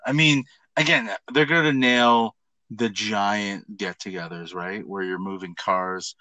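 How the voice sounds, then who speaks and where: Man, podcast co-host, crude joking chat, bright tone, dry close sound. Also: lowish voice, a little slow, dry recording. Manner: crude, joking, lively storyteller. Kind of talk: casual chat.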